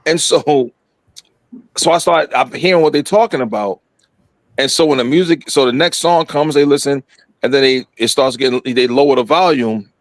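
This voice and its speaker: A middle-aged man telling a story in casual podcast chat, animated and profane, acting out what people said. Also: mid-range voice, moderate pace, no echo. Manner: animated, profane, acts out quotes.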